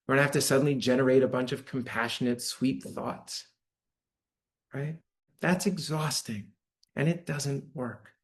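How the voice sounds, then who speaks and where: A man gives a dharma talk to a live audience in a church hall. He speaks in a relaxed, conversational way, often checking in with the listeners. His voice sits at an ordinary middle pitch. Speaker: meditation teacher.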